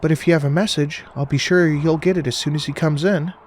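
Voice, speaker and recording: A woman's voice: mid-range voice, very animated, normal speed, a little mellow, a little hiss or hum, pitched above the performer's own voice, natural voice. A man voicing a female phone dispatcher in a horror audiobook, chirpy and sweet on the surface, turning cold and mocking. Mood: sugary polite. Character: woman dispatcher, cheerful then cold and sinister.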